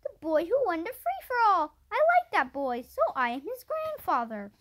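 A woman reading the lines of a rich, gruff old grandfather in a storybook, asking blunt, eager questions. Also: extremely high pitch, wildly swooping pitch, normal speed, a bit bright, pitched above the performer's own voice, heavily acted. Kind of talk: storybook character voice.

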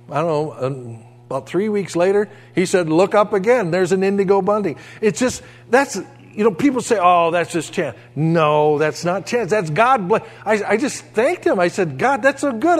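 An older man preaching a sermon as a pastor, telling homey stories with animated asides. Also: sits high, long reverb tail. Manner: folksy storytelling, animated asides. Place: church sanctuary.

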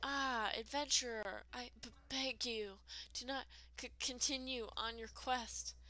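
A woman's voice: a little high, steady tone, a little slow, bright, forceful tone. A woman reading the pleading lines of a terrified, stammering villager in a video game.

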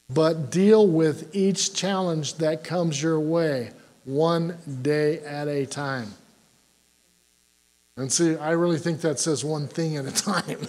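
A man's voice: a little high, a little mellow. An older man preaching a sermon as pastor, folksy and joking, often asking the congregation "Amen?".

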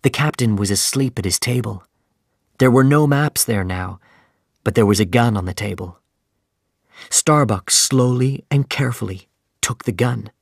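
Slow gravelly audiobook narrator, a man. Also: mid-range voice, dry recording, clean studio sound. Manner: slow, clear reading. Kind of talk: graded reader audiobook narration.

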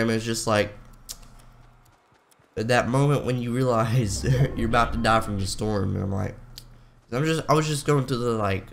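A man's voice: lowish voice, gravelly, slight background noise. Young man rambling over his gameplay. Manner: rambling, self-mocking, talks to himself while playing. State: morning voice with voice cracks. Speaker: gaming YouTuber. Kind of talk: casual gameplay commentary.

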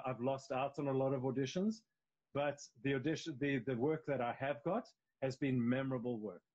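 A man's voice: mid-range voice, a little mellow, lo-fi sound. A man with a South African accent, an actor chatting loosely as a guest on a live video interview. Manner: loose and conversational, with many restarts. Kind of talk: casual interview chat.

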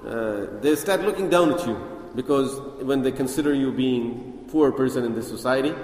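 A man giving a religious lecture, reciting Arabic quickly and then explaining it slowly in English. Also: medium pitch, a little mellow. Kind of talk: Islamic lecture explaining hadith. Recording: echoey hall with long reverb.

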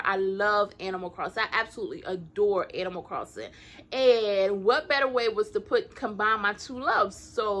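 A woman's voice: fairly high pitch, bright, forceful tone. A woman with a Southern US country accent, chatting casually and encouragingly to camera about her crochet work, laughing often. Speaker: crochet vlogger.

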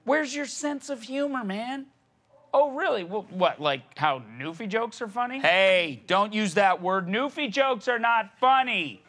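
A man's voice: high-pitched, lively intonation, a little slow, sharp tone. A man in a satirical comedy sketch, arguing sarcastically with himself in a mock-indignant back-and-forth. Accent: Canadian.

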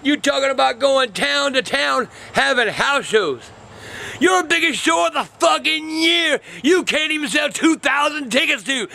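An actor playing a hot-tempered, foul-mouthed grandpa in a comedy web series, ranting and yelling insults in a gravelly voice. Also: male voice, full character voice. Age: over 60. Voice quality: gravelly, high-pitched, shouty. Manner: cursing constantly, yelling insults.

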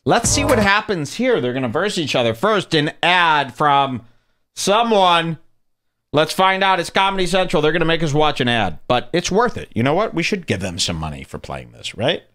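Male podcast host, sarcastic, lively swooping pitch, studio mic, casual clip commentary. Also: normal speed. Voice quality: sarcastic, animated storyteller. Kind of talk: casual commentary over video clips. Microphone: studio microphone.

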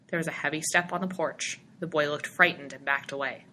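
A woman narrates a story in a steady, expressive audiobook reading. Her voice is bright and sits on the low side. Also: brisk.

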